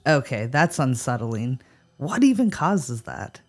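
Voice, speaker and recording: A woman's voice: extremely low pitch, big pitch swings, slow. A woman co-hosting a paranormal podcast, reacting with wry, sarcastic humor. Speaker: podcast co-host. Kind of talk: scripted paranormal podcast chat.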